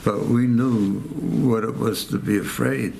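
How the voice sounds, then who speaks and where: Over a faint hiss or hum, this medium-pitched, creaky, darkish voice belongs to a U.S. man in his nineties. He recounts a war story unhurriedly and steadily, rambling, circling back to the same phrases, and performing the voices of people he quotes.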